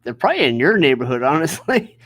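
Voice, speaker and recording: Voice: medium pitch, big pitch swings, quick pace, fairly bright tone. An American caller joining a stream, joking and swearing in casual banter. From United States.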